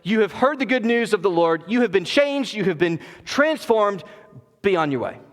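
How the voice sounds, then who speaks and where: A man voicing a calm, gracious male prophet who speaks kindly in a sermon retelling. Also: high voice, normal speed. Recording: long church reverb.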